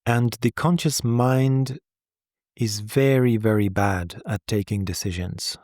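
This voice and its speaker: Slow, deep-voiced man talking thoughtfully. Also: darkish tone, dry recording, clean studio sound. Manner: slow, measured, thoughtful delivery with restarts. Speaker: host. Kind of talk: reflective talk to camera.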